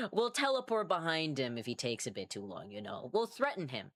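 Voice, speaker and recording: A low-pitched woman talking over her drawing stream, her voice swinging widely up and down. She rambles and mocks herself, swears freely, and sounds worn out. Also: sing-song, normal speed, a bit bright, breathy edge. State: tired. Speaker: artist streamer. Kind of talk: casual livestream chat while drawing.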